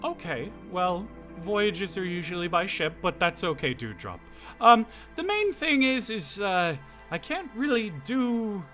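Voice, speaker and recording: A man's voice: high voice, bright, forceful tone, pitched above the performer's own voice, heavily acted. A man playing a burly half-orc stablewoman. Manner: friendly, drawn-out hesitations. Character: brawny cheerful female half-orc stable keeper.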